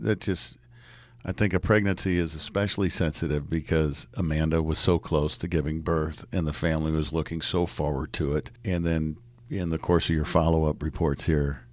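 A man with a very deep, low voice talks through a news story, reflective and conversational. The recording is dry and close, with no room sound. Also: a little mellow, no room sound. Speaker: news reporter. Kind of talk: podcast news discussion.

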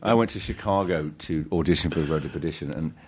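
A man talking as a guest in a casual interview, halting and self-deprecating, full of restarts and fillers. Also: rumbling low, a little mellow, husky. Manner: self-deprecating with bursts of laughter.

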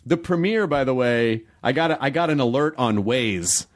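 A man's voice: medium pitch, animated, normal speed. A man hosting a podcast, chatting casually with a guest and laughing easily. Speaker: podcast host. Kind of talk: casual interview chat.

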